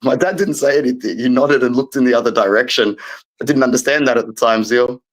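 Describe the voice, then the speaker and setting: A man's voice: mid-range voice, fast talker, rough recording. A man, a guest in a casual football chat, talking with passion and rambling on. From Australia.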